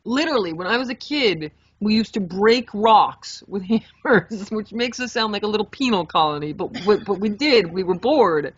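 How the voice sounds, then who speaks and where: Animated swearing woman telling a story. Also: medium pitch, normal speed, few pauses, breathy edge. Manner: animated, swears freely, acts out her own reactions. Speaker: podcast co-host. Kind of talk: casual storytelling chat. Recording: dull lo-fi podcast mic.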